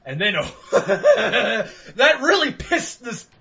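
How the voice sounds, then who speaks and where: A man's voice: very high voice, wildly swooping pitch, extremely slow, vocal fry, pushed and bright, dull audio. A young man hosting a podcast, telling rambling, profane stories in casual chat with bursts of laughter. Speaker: podcast host.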